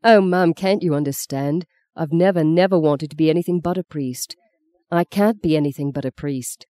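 A woman's voice: low voice, moderate pace, warm tone, dry recording, studio quality, lightly acted. A woman voicing an earnest young man set on becoming a priest, reading him in a heartfelt, pleading way in an audiobook.

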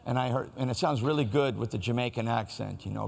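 A man's voice: mid-range voice, fast, vocal fry, long reverb tail. A man preaching a sermon in a church, in a conversational, storytelling way. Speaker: pastor.

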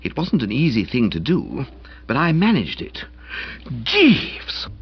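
A man narrating a comic novel aloud in an expressive, wide-ranging storytelling delivery with a husky voice. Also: medium pitch, normal speed. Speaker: audiobook narrator. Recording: slightly dull lo-fi recording.

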